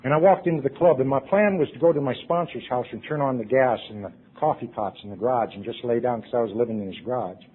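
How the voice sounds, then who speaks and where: A middle-aged man giving an earnest personal testimony to a recovery convention audience, swinging from loud to hushed. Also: mid-range voice, fast talker, hardly any pauses, breathy edge. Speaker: recovery meeting speaker. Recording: tinny lo-fi tape recording.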